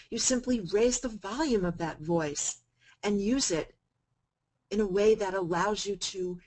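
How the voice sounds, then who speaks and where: A woman giving a coaching self-help talk to a group, switching between calm explanation and sudden loud, playful emphasis. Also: on the low side, rough recording.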